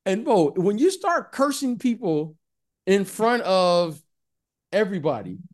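A man in casual sports chat, telling stories with a lively voice and acting out friendly greetings. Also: high voice, unhurried. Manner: animated storyteller, repeats the host's name, acts out friendly greetings.

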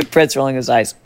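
A middle-aged woman hosting a podcast, chatting casually and telling a story with lively jumps in pitch when excited. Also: a little hiss or hum. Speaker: podcast host. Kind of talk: casual chat.

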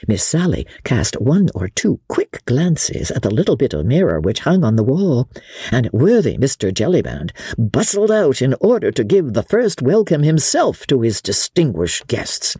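A woman narrating a classic novel as an audiobook in an expressive storytelling manner. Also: rumbling low, normal speed, husky, no room sound, clean studio sound.

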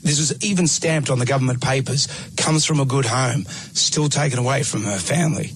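A man's voice: mid-range voice, slight background noise. Earnest middle-aged Australian man. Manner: earnest, halting, repeats words. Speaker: radio host. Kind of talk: casual radio chat.

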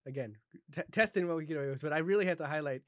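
A man's voice: fairly high pitch, racing, fairly bright tone, no echo, studio quality. A man co-hosting a podcast in casual chat, laid-back, mostly putting in short agreeing remarks. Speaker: podcast co-host.

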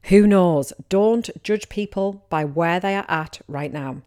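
A woman's voice: on the low side, takes it slowly, mellow, clear, resonant tone. A woman with a Teesside accent hosting a casual solo podcast, speaking candidly and chattily as a business coach who now and then acts out what listeners might be thinking. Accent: Teesside English. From Teesside, England.

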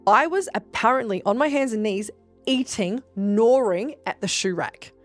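A woman hosting a podcast, telling spiritual stories in a casual, animated way, swearing freely and speaking straight to her listeners. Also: fairly high pitch, moderate pace, faint music behind. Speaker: podcast host.

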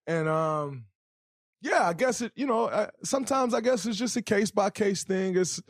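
Halting man answering in a dry room. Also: high-pitched, lively intonation, dry recording. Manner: halting, many fillers and restarts.

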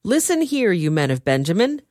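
A woman voicing a furious, suspicious king who shouts accusations at his officers, in a dramatized reading. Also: medium pitch, expressive, moderate pace, dry recording, studio quality, lightly acted.

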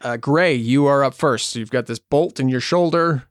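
A man narrating as game master in a tabletop game, talking in halting bursts full of fillers. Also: medium pitch, dry recording.

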